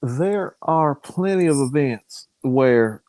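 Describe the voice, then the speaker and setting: A man co-hosting a podcast, talking in a relaxed, rambling way, restarting his sentences often in casual opinion chat. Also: mid-range voice, takes it slowly, no echo. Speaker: podcast co-host.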